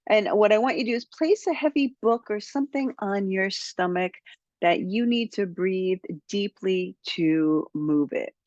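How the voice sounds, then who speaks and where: A woman's voice: medium pitch, unhurried, a little mellow, dry recording, muffled recording. Upbeat woman coaching on speaking. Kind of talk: tutorial to camera.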